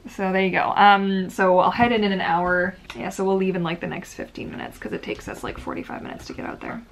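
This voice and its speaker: A woman's voice: mid-range voice, lively intonation, a little fast, vocal fry, slight background noise. A woman chatting casually to camera from a filming corner at home, rambling with lots of filler words. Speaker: vlogger. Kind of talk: casual vlog chat to camera.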